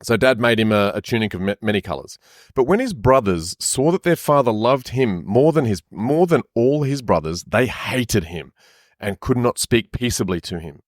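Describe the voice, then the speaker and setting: A man's voice: medium pitch, animated, moderate pace, no echo, studio quality. A man co-hosting a podcast, reading scripture aloud in a casual, chatty way and stopping often to comment. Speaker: podcast co-host and reader.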